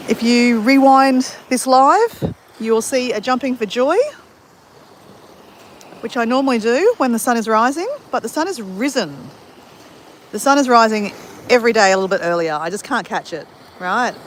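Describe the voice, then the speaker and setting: An upbeat Australian woman chats on a live stream from the beach, greeting viewers one by one. Her voice sits a little high. Faint waves wash behind her. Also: slight background noise. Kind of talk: casual live-stream chat. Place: outdoors at a beach at sunrise.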